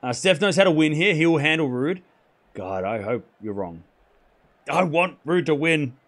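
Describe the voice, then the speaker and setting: Hoarse aussie guy on a tennis livestream, kinda high voice, rambly and hyped, keeps correcting himself. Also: moderate pace. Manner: excitable, rambling, self-correcting. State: hoarse from hours of shouting. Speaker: tennis stream host. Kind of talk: live stream chat with viewers.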